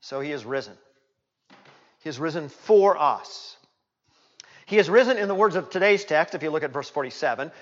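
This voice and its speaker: High-voiced pastor preaching in a reverberant church. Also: male voice, animated, normal speed, pauses often. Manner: emphatic, repeats key words, swings from loud to hushed. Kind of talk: sermon. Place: church sanctuary. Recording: reverberant, dull lo-fi church recording.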